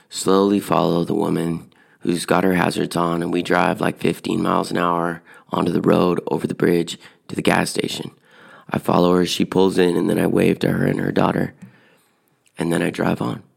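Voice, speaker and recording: Man, very low voice, relaxed anecdote, conversational storytelling. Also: creaky. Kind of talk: casual personal anecdote.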